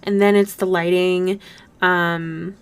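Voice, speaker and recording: A woman's voice: lowish voice, level tone, takes it slowly, clear, resonant tone. A young woman chatting casually on a live stream while she draws, bubbly and gushing. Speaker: streamer and artist.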